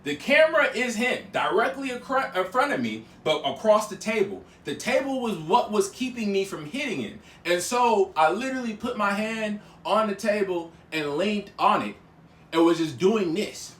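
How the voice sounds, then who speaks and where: A young man vlogging a casual storytime monologue in slangy, conversational talk. He is emphatic and acts out the dialogue, with big swings in loudness. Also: sits high, lively intonation, moderate pace, roomy sound.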